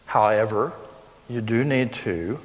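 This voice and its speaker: A man's voice: lowish voice, slow. A man preaching a sermon to a live audience, emphatic, with his voice rising sharply on the points he stresses. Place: school hall with live audience. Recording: long reverb of a large hall.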